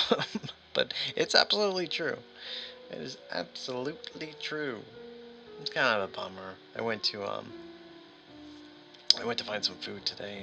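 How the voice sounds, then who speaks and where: Casting: a man as a lost, worn-out trucker calling home, halting and stammering, gravelly and bright. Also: mid-range voice, heavily acted, rough recording. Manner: halting and stammering, with nervous laughs. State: exhausted and aching. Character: lost, shaken long-haul trucker man calling his dad. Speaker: solo tabletop game player. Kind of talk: first-person in-character monologue.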